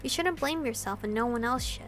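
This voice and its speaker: Gentle, reassuring game doctor, female, read by a woman in a slightly high voice. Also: lively intonation, brisk, soft background music. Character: calm, kind female doctor counseling a young agent.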